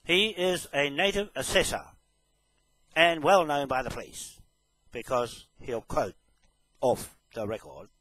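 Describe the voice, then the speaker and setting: A man making a public statement straight to camera, slow and emphatic, often checking "okay?". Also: fairly high pitch, sharp tone, low-quality recording. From New Zealand. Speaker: self-proclaimed land claimant making a public statement. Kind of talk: direct address to camera.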